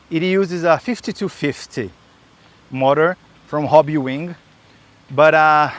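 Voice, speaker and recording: A man with a somewhat high voice talks while skating through a park, breathing hard between his rambling, chatty asides. The sound comes from a camera he carries or wears on his body. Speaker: skate builder vlogger. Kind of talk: casual vlog while skating. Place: outdoor park with trees. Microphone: camera held in hand or strapped to body.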